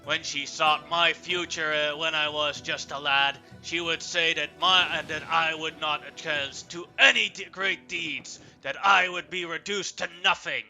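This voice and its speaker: A man voicing an arrogant, boastful king in a live tabletop game, loud and gloating, with music behind. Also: fairly high pitch, unhurried, hardly any pauses, pitched above the performer's own voice, heavily acted. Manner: loud, gloating, bellowing laughter.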